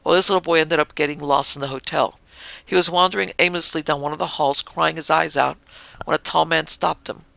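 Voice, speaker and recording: A woman who has worked a hotel front desk for years, read by a male narrator, telling ghost stories in a plain, matter-of-fact way. The voice is gravelly and bright, dry and close to the mic. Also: fairly high pitch, fairly even intonation, fairly quick, no echo, exaggerated voice.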